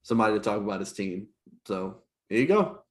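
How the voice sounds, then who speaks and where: A man's voice: lowish voice, lively intonation, brisk. A man co-hosting a podcast in casual chat, laid-back and agreeable, mostly giving short replies. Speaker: podcast co-host, teacher.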